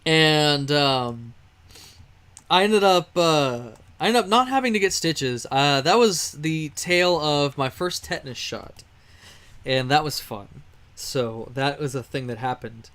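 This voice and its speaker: A man from Texas chats to his stream viewers while he plays a game, with a voice that sits a little high. He rambles through a story, restarting sentences and filling gaps with "uh" and "like." He chuckles now and then as he talks. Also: animated, slow, fairly bright tone. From Texas, USA.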